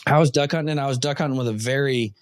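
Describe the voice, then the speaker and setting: A man hosting a casual hunting conversation, telling stories with lively acted-out quotes. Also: mid-range voice, rapid-fire, no echo. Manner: animated storyteller, acts out quotes. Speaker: podcast host.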